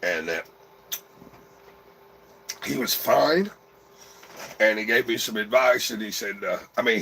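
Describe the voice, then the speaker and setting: An older man speaks in a gravelly voice with plenty of vocal fry. His talk is halting and rambling, broken by pauses, as he shares his grief casually with viewers. A faint hiss sits under his voice. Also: mid-range voice, sharp tone. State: grieving. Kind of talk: casual grieving monologue to viewers.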